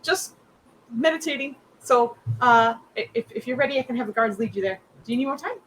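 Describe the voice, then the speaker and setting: A woman's voice: a little high, fairly quick, fairly bright tone, a little hiss or hum, voice pushed up, close to an everyday voice, poor audio. A woman voicing an eager young female gnome receptionist who gushes and stammers through her questions. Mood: flustered. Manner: gushing, stammering, breathless questions.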